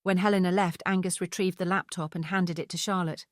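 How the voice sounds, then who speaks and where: A woman reading an audiobook novel in a steady, even narration. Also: fairly low pitch, fairly quick, no room sound, clean studio sound.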